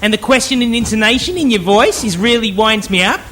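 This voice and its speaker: A woman's voice: fairly high pitch, expressive, brisk, fairly bright tone. A woman playing a crude, smug female comedian who talks with rising uptalk. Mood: mocking. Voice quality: uptalk, brash. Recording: crowd and noisy ambience.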